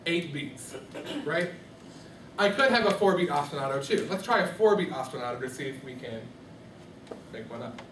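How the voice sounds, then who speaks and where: A man teaching a music class in a classroom, steadily questioning the students and prompting their replies. His voice sits a little high. The recording comes from a distance, with the roomy echo of the classroom and a faint hum of ambience behind him. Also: animated, moderate pace, pauses often, a bit bright. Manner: questioning, coaxing students to answer. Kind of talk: classroom microteaching lesson. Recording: echoey classroom from far off.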